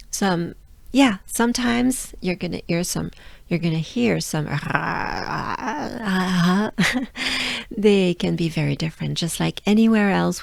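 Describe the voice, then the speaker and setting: A woman with a French accent gives a patient pronunciation lesson, repeating sounds slowly, her voice tired. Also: fairly low pitch, gravelly, no echo. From France. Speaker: pronunciation coach.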